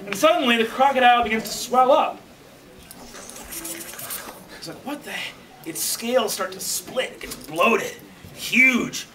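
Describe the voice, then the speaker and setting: A man moderating a party game, improvising comic narration in an excitable way and laughing through his words, taped indoors by a camcorder across the room. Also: very high-pitched, unhurried, pauses often, far from the mic, a little hiss or hum, rough recording. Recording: loud crowd chatter in room.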